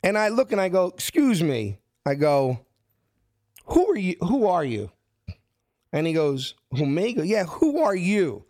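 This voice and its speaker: A man tells a story from his youth in an animated, street-smart way. He slips into different voices for each person he quotes. His voice sits a little high, and the sound is close and dry. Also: moderate pace, no echo. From South Philadelphia. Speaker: guest. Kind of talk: casual storytelling.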